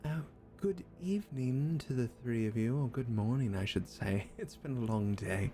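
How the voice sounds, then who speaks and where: A man's voice: mid-range voice, normal speed, dark tone, lightly acted. A man voicing a courteous elven woman who works at a spa, showing guests around with rambling tour-guide patter. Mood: welcoming.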